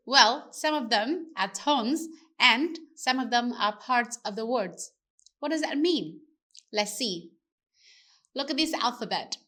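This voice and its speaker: A woman gives a scripted language lesson in a bright, crisp voice pitched a little high. She speaks very slowly and carefully, pausing to ask her learners questions. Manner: careful, explanatory, asks rhetorical questions. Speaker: language teacher.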